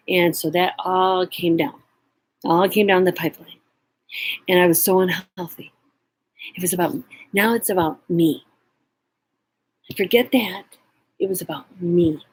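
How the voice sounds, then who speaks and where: Husky woman telling a heartfelt story. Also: medium pitch, low-quality recording. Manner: earnest and emotional, dropping to near whispers. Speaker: vlogger. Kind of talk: personal storytelling.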